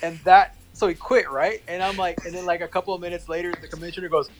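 A man in casual chat, telling a story in a profane, animated way and acting out quoted lines. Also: high-pitched, quick pace, rough recording.

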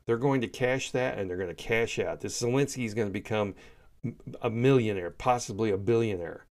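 A man's voice: on the low side, fairly quick, a little mellow. A man giving heated, emphatic political commentary, often repeating himself for emphasis. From United States. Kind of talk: opinionated solo commentary.

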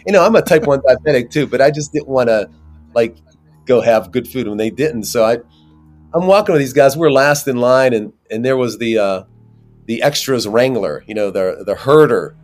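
A man being interviewed as an actor, telling rambling, animated anecdotes with many fillers. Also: medium pitch, normal speed, soft background music. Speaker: actor guest. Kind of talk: casual interview storytelling.

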